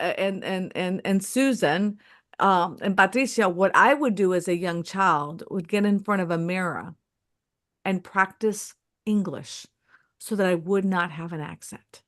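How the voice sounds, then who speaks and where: A woman's voice: medium pitch, fairly bright tone. Southern American woman hosting a panel. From Mississippi, US. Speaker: host. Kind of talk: panel discussion.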